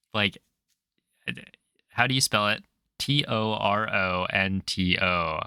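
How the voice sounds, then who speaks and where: A man with a lowish voice, pushed and bright yet clean with no echo, streams a video game at a desk mic. He chats casually while gaming, joking back and forth with his chat.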